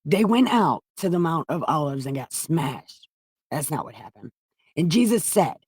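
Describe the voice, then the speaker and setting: A woman's voice: deep voice, sing-song, normal speed, darkish tone, husky, dry recording, studio quality. A woman hosting a comedic Bible reading, paraphrasing with profane jokes. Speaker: host reading the Bible aloud.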